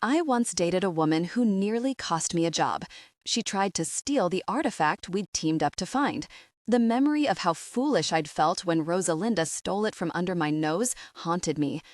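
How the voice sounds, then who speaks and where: A woman with a fairly low, expressive voice, speaking at a moderate pace, lightly acts the part of a rugged, protective young man in audiobook dialogue. She's earnest, firm, and direct, and the studio sound is clean with no room noise.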